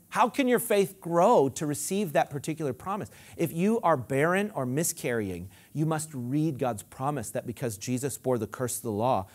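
Animated, high-pitched preaching man. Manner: animated preaching, swinging from loud emphatic declarations to low quiet asides; leads the congregation in call-and-response. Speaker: pastor. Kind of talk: sermon.

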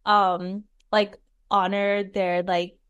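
Woman, mid-pitched, eager filmmaker co-host giving advice in a casual podcast chat. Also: flat delivery, a bit bright, smooth, lo-fi sound. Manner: enthusiastic, quick to react.

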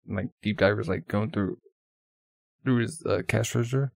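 Man reading a comic aloud, casual and loose, gravelly low-end grit on his voice, dry close sound. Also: moderate pace, darkish tone, no echo. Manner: casual, loose, with many fillers and restarts. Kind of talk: reading a manga aloud with commentary.

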